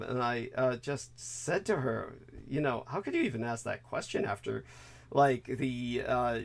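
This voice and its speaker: A man's voice: medium pitch, gravelly. A man hosting a talk show in a casual, rambling way, full of fillers and restarts. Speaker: host.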